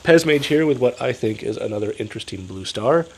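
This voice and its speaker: A man's voice: medium pitch, expressive, a little fast, a little hiss or hum, poor audio. Stuffed-up man commenting on gameplay. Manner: analytical, explaining moves step by step. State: stuffed up, sniffling. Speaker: strategy game commentator.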